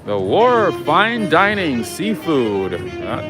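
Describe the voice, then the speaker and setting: A man's voice: a little high, wildly swooping pitch, takes it slowly. A man hosting a casual live walking tour outdoors at night, chatting with viewers and answering their comments. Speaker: livestream host. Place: outdoors on an old-town street at night. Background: jazz music playing nearby.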